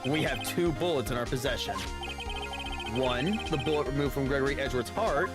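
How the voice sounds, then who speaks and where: A streamer voicing a determined young male defense attorney in a game, pressing his case point by point, over loud game music. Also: mid-range voice, brisk, close to an everyday voice. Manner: pressing, accusatory, building a case. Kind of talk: game dialogue read aloud.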